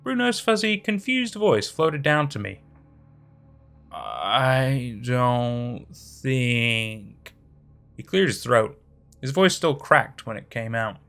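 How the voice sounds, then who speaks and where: A man narrating a horror story with a bright, gravelly voice that rises and falls expressively. The reading is dramatic, with faint music playing under it. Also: fairly high pitch, animated, normal speed.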